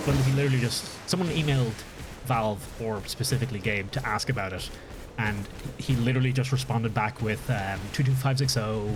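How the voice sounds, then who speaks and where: A man with an Irish accent chatting casually on a live stream while gaming, rambling and often restarting his sentences. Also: mid-range voice. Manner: rambling, restarts and corrects himself.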